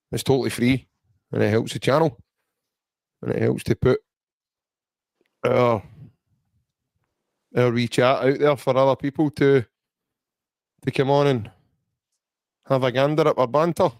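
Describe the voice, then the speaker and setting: A man's voice: mid-range voice, steady tone, unhurried, vocal fry, pauses often, a little mellow, dry recording. Scottish guy hosting a footy podcast, chatty, jokey, dry close sound. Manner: chatty, jokey, rambling banter. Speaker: podcast host. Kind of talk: casual football podcast chat.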